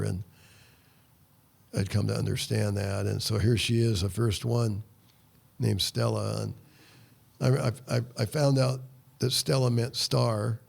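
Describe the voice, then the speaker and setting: A man's voice: lowish voice, creaky, darkish tone, slightly rough. An older man, a guest on a talk show, earnestly tells a story of ministry and acts out his prayers as dialogue. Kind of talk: storytelling testimony in conversation.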